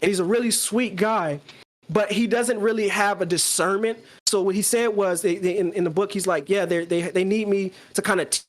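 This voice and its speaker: A podcast co-host talking casually, excitedly retelling a story and acting out the quoted lines. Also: male voice, high-pitched, moderate pace. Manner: excited, acts out quoted dialogue.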